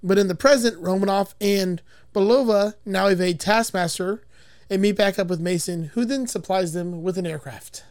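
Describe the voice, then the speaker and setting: In a dry recording, a man with a high, slightly mellow voice speaks at normal speed while hosting a podcast. He reads a movie plot summary and argues his points, swearing freely in a casual, argumentative movie review chat.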